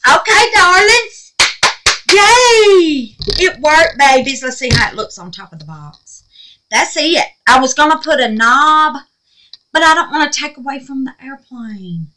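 A woman talking viewers through a resin craft, chatty and quick to exclaim, calling them babies and y'all. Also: on the high side, sharp tone, poor audio. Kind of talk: casual crafting tutorial talk.

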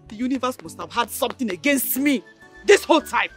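An actress with a Nigerian accent playing a defiant widow who shouts back at her brother-in-law. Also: on the high side, lively intonation, a little fast, faint music behind, close to an everyday voice. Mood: regretful. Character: defiant young widow, unhappily remarried.

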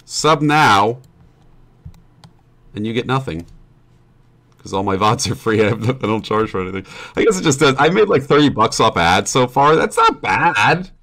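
A man's voice: medium pitch, big pitch swings, normal speed, a bit bright. A young man streaming while he plays a game, chatting in a rambling, profane and sarcastic way. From New Jersey family. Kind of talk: casual chat while gaming.

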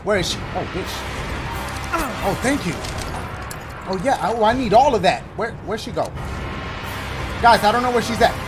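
A young man giving excitable, loud running commentary while playing a video game, swearing freely. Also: sits high, moderate pace, pauses often. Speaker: gaming let's-play host. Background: game music.

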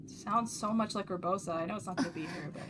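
A young woman giving casual, joking gameplay commentary as a streamer, with bursts of excitement. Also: medium pitch, quick pace, background noise. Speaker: let's play streamer.

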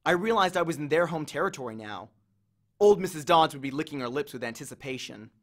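A man reading a novel chapter aloud with an expressive, animated delivery. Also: fairly high pitch, quick pace. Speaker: audiobook reader. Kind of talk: storybook reading.

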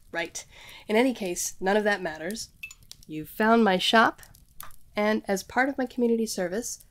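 A woman's voice: on the low side, a little hiss or hum, lightly acted. A woman voicing a young, earnest witch in training who rambles and talks straight to the listener in an audio role-play. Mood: puzzled. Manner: rambling, addresses the listener directly.

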